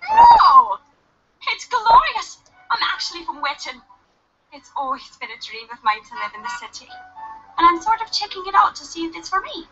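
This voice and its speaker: A bright, chatty young woman in an adventure game, her high voice bouncing around lively. It comes through as dull lo-fi game audio with faint ambience behind it. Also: moderate pace, over loud music, full character voice. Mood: cheerful.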